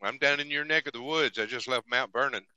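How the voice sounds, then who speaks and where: A man's voice: mid-range voice, fast, a crowd in the background. A man, a truck driver calling in, laid-back and chewing as he talks. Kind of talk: casual chat.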